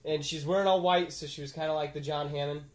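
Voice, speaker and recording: A man's voice: on the high side, steady tone, fast talker. A young man co-hosting a casual movie review chat, laid-back and agreeable. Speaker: podcast co-host. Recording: echoey room.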